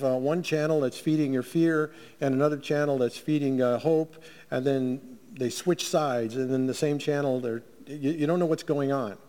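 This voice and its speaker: A middle-aged man preaching a weekly sermon, talking plainly with fillers and restarts. His voice sits a touch high for a man. A long reverb trails after each phrase. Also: mellow. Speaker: pastor.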